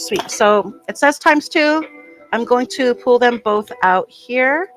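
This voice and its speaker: A woman's voice: a little high, a bit bright, rough recording. A woman chatting casually as she builds a kit on her toy vlog, rambling and poking fun at herself. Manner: chatty, rambling and self-mocking. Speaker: toy unboxing vlogger.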